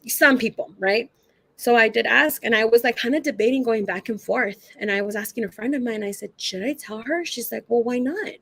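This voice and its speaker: Her voice runs on the high side, fairly quick, creaky, slightly rough and fairly bright, in a dry recording. She's a psychic medium appearing as a guest, chattily recounting stories full of fillers and acting out what people said.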